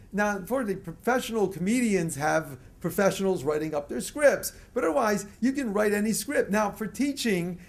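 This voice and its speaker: An older American motivational speaker lectures a live audience in a fairly high, creaky voice. He tells stories, chuckling often, and leads the crowd in group chants.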